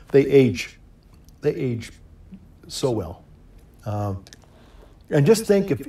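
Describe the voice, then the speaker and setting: Rambling, chuckling priest puffing on a pipe. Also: male voice, medium pitch, slightly rough. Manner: relaxed, rambling, chuckling, with fillers and puffs on a pipe. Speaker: priest and pipe-smoking video host. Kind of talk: casual talk to camera.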